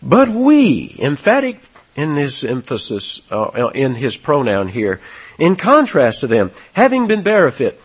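A man preaching an expository sermon, stressing words hard and dropping to a near hush for effect. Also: mid-range voice, wildly swooping pitch, measured pace, husky, lo-fi sound. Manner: emphatic, swings between loud and soft for stress. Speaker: pastor.

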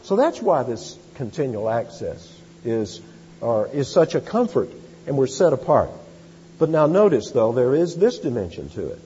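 A man preaching a sermon as pastor, with animated emphasis and quick asides. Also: medium pitch, a little hiss or hum. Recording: dull, lo-fi sound with long hall reverb.

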